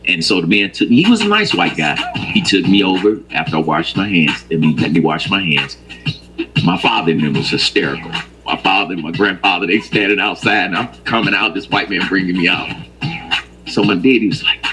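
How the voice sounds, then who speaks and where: Older man, profane, emphatic, very lively pitch, faint background music. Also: moderate pace, poor audio. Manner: profane, emphatic, rises to heated preaching. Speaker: storyteller. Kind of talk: casual storytelling rant.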